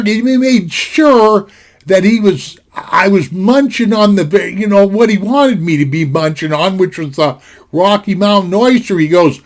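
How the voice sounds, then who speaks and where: A man with a fairly high voice spins a yarn to camera from his home. His talk rambles in a folksy way, loaded with fillers and false starts. He is recorded on a desktop computer mic. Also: lively intonation, measured pace. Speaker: vlogger telling a personal story. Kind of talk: casual storytelling to camera.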